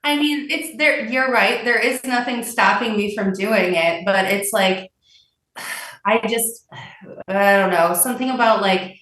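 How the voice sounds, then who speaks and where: Woman, caller, slow hesitant rambling, far from the mic, roomy echo. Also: medium pitch, fairly bright tone. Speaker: caller seeking advice. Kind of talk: casual chat. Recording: roomy, distant sound.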